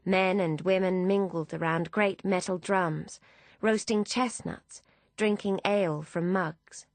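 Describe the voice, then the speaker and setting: Low-voiced woman reading an audiobook. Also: fairly even intonation, no echo. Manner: measured, descriptive storytelling. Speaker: audiobook narrator. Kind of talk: scripted audiobook narration.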